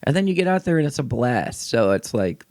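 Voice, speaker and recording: Chicago-area actor guy chatting on a podcast, pokes fun at himself, laughs constantly, average pitch. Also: big pitch swings, fairly quick, a little mellow. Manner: self-deprecating, laughs often. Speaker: actor and improviser, podcast guest. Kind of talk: casual chat.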